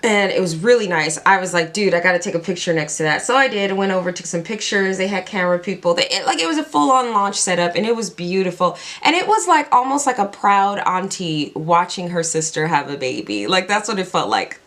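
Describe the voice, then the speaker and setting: Chatty excitable woman beauty vlogger. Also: medium pitch, a little fast, few pauses. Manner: excitable, chatty storytelling full of "like". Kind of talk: casual chat while doing makeup.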